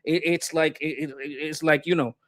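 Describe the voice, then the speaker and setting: Brief: fired-up male political commentator, slightly high voice, dry close mic, rants and swears. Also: fairly even intonation, normal speed, a bit bright, dry recording. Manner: impassioned, swearing, repeats words when worked up. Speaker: co-host. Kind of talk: heated political discussion.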